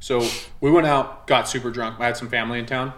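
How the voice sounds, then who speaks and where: A man's voice: medium pitch, steady tone, fast, fairly bright tone. A man in his twenties telling a laid-back, profane story in casual chat with friends. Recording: roomy mic with faint noise.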